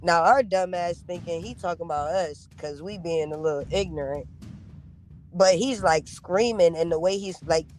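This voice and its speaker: Slangy storytelling host, raised voice. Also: male voice, on the high side, moderate pace, low-quality recording. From Rochester, New York. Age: 30s. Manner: storytelling, slangy, many fillers. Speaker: podcast host. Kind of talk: casual podcast interview.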